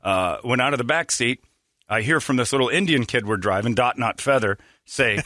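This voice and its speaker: A man's voice: mid-range voice, animated, a little fast, pushed and bright, dry recording. A man hosting a morning radio show, bantering casually with a joking, irreverent manner and laughing at his own stories, into a studio mic. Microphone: studio broadcast mic.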